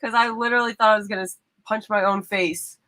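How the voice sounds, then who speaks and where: A woman's voice: medium pitch, steady tone, quick pace. A woman co-hosting a casual livestream, joking and mimicking screams from the film edit. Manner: laughing, mimics screams loudly. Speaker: co-host, film partner.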